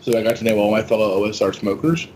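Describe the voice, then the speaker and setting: Excitable stammering podcast man. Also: lowish voice, fast talker, a little hiss or hum, poor audio. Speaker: podcast co-host. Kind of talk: casual chat.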